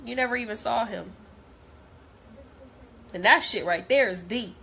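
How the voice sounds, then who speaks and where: A woman's voice: fairly high pitch, unhurried, vocal fry, pushed and bright, slight background noise. A young woman talking straight to camera, blunt and heated, repeating herself as she vents. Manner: blunt, repetitive, heated, profane. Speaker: vlogger. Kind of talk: direct-to-camera rant.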